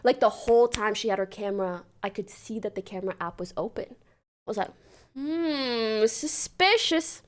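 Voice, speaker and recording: A young woman streaming casually, telling a story in a chatty, animated way and swearing freely. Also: mid-range voice, brisk, a little hiss or hum. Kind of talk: casual livestream chat.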